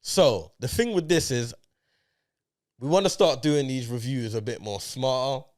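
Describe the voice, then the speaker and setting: A man's voice: mid-range voice, unhurried, darkish tone. A man with an English accent hosting a casual film review podcast, talking in a laid-back, slang-heavy way. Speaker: podcast host.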